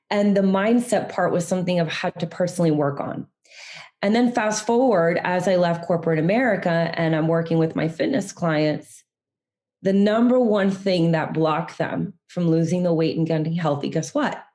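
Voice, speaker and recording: A woman guest on a video-call interview, telling her story in an earnest, reflective way that sometimes slows right down. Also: lowish voice, darkish tone. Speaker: guest mindset coach.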